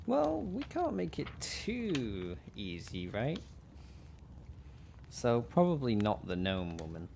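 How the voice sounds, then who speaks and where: A man's voice: medium pitch, huge pitch swings, takes it slowly, creaky, a little mellow, slight background noise. A man playing a tabletop game who talks in character in a wry, hesitant way. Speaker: player. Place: home setup, live stream.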